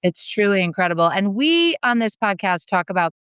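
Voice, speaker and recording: A woman's voice: medium pitch, sing-song, a little fast, a bit bright, clean tone, no echo. A woman co-hosting a podcast interview, speaking in a heartfelt, emotional way. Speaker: podcast co-host.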